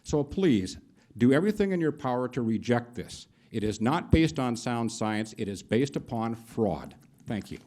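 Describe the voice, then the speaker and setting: A man's voice: medium pitch, big pitch swings, moderate pace, mellow. A middle-aged man giving indignant, emphatic public testimony in a county board meeting room. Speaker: public commenter.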